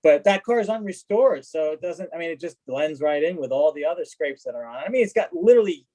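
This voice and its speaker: A man telling stories in a casual chat as a guest, lively, acting out what people said. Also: on the high side, fast talker, poor audio. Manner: animated, acts out quoted dialogue. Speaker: guest, car collector. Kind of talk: casual storytelling.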